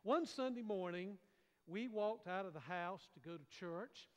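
A middle-aged man from North Carolina, preaching a folksy sermon that drops to a hush for suspense and then swells. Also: high voice, expressive, measured pace. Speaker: pastor. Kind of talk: storytelling sermon. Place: church sanctuary. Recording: long reverb of a large hall.

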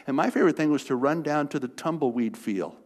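A man's voice: fairly high pitch, animated, quick pace. A man in his sixties from California preaching a sermon, telling a childhood story in a conversational way and speaking directly to the congregation.

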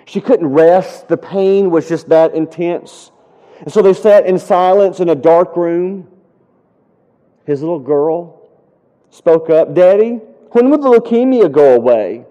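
A man's voice: high voice, animated, a little slow, warm tone. A man preaching a sermon as a pastor. He tells a story earnestly, then rises into impassioned, pleading prayers. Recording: dull sound with long hall reverb.

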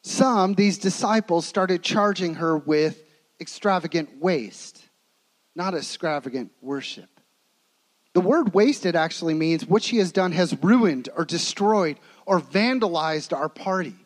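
A man with a fairly high voice delivers a sermon as a vivid retelling. He leans hard into some phrases and drops almost to a hush on others, pulling listeners into the scene. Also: animated, a little slow, poor audio. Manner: dramatic storytelling, swinging between emphatic and hushed. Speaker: preacher.

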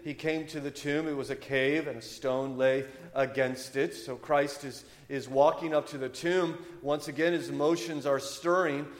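A man's voice: on the high side, steady tone, normal speed, few pauses. A man preaching a sermon as a pastor, impassioned, with his voice rising and falling. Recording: echoey hall, long reverb.

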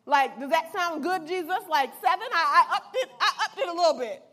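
A woman's voice: extremely high pitch, lively intonation, a little fast, fairly bright tone. A woman voicing an eager man who haggles and is pleased with himself, in a sermon retelling. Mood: boastful. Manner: bargaining, boastful.

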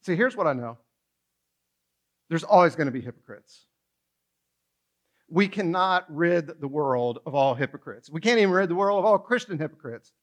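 A man with a high voice preaches to his congregation. He is animated and conversational, and he keeps throwing rhetorical questions at his listeners. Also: normal speed, long pauses. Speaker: pastor. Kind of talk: sermon.

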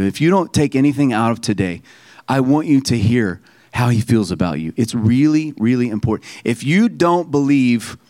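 A man preaching a sermon to a congregation. He reads scripture aloud slowly and with emphasis, and calls on the listeners to repeat lines back to him. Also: medium pitch, a little mellow, no room sound. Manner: preaching with call-and-response to the congregation. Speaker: pastor.

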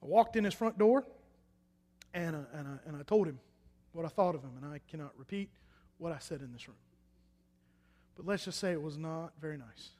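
A young man preaching a personal testimony, swinging between loud emphatic bursts and hushed quiet lines. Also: a little high, brisk. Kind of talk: sermon testimony. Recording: echoey hall reverb.

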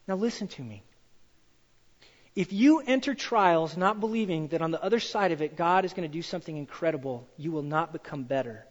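Male preacher with a high voice, lively storytelling sermon, dull recording in a reverberant hall. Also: brisk. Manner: animated storytelling, acts out quoted voices. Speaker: pastor.

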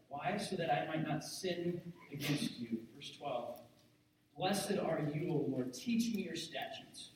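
Pastor, male, earnest preacher with a slightly high voice, captured from a distance in a very echoey church. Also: slight background noise. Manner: earnest preaching, building to emphatic repetition. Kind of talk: sermon. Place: church sanctuary. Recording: very echoey hall, mic at a distance.

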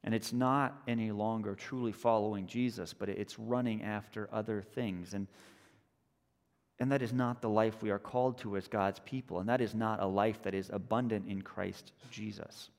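A man's voice: on the low side, fairly even intonation, vocal fry. Conversational male pastor preaching. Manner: conversational, storytelling, slows for emphasis. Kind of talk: sermon. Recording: long church reverb.

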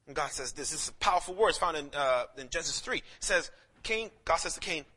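Young male preacher, high-pitched and bright, animated sermon storytelling, casual slang, restarts often. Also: brisk. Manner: animated storytelling, slips into quoted voices, frequent restarts.

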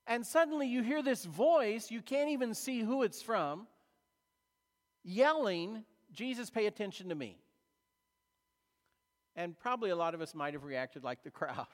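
A man preaching a sermon as a pastor, retelling a story in a conversational way with dramatic pauses. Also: high voice, animated. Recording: long reverb of a large hall.

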